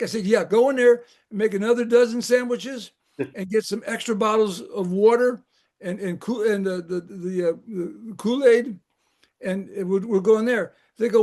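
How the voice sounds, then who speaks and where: An older man with a notably high voice tells camp stories in a loose, rambling way. He restarts his sentences often and laughs his way through the punchlines. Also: fairly even intonation, moderate pace, a little mellow. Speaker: guest, former camp rec director. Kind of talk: casual storytelling chat.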